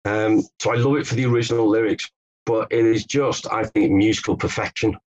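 A man's voice: on the low side, steady tone, fairly quick, lo-fi sound. A man from England, a guest author telling stories in an interview, hesitant with many restarts. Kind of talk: conversational interview.

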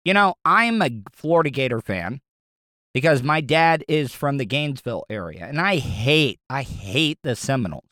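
A man's voice: mid-range voice, expressive, moderate pace, a bit bright, no room sound, studio quality. A man with a Southern American accent, an opinionated talk radio host rambling bluntly and conversationally.

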